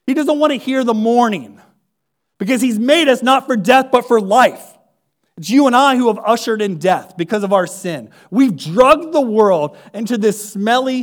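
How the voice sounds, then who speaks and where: High-voiced impassioned male preacher. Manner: swings from hushed near-whispers to loud, fervent emphasis; impassioned, repeats phrases for rhetorical build. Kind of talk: sermon.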